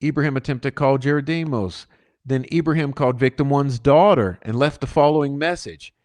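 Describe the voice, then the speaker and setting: A man's voice: mid-range voice, fairly quick. A man hosting a crime channel, reading case documents aloud and breaking off into emphatic commentary. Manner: reads flatly, then breaks off into emphatic asides.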